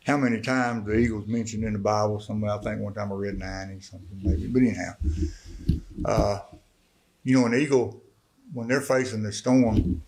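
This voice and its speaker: A man's voice: fairly low pitch, darkish tone, rough recording. A middle-aged man, from Arkansas, telling his life story as a guest speaker in a church service. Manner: folksy storytelling, swelling to impassioned preaching. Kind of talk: testimony sermon.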